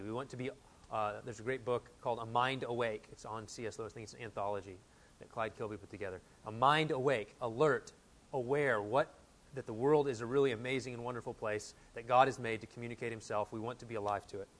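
A man in his thirties preaching a sermon, earnest and animated, reading quotes aloud and telling stories from home. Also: medium pitch. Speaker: pastor.

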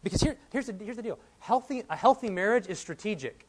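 A man's voice: sits high, lively intonation, quick pace. A man from Texas in his thirties preaching a sermon as a pastor, telling a personal story and building to emphatic points.

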